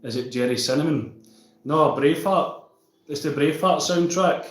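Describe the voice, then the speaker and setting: A man's voice: on the high side, moderate pace, roomy sound, rough recording. A Scottish man chatting casually with viewers on a livestream, reading out and answering their comments.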